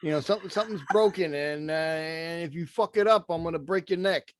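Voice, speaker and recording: A man's voice: on the high side, brisk, dry recording, clean studio sound, pitched above the performer's own voice, natural voice. A man doing an impression of a belligerent, swearing male prank caller who makes threats on the phone. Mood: threatening.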